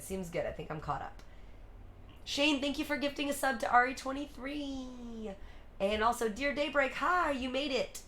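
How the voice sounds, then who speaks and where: A woman's voice: on the low side, fairly bright tone, slight background noise. A woman livestreaming, chatting casually and playfully with her viewers between songs. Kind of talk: casual stream chat. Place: home streaming setup. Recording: music playing under the voice.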